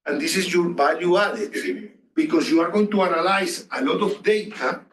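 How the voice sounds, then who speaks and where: A man's voice: high-pitched, normal speed. A man lecturing a class, asking the students questions and repeating key phrases. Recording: echoey distant room recording.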